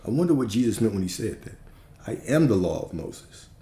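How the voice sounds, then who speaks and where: Preacherly man with a dark, low voice. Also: very animated, a little fast, roomy sound. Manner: emphatic, preacherly, repeats phrases, casual swearing. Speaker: spiritual teacher. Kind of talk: livestream teaching.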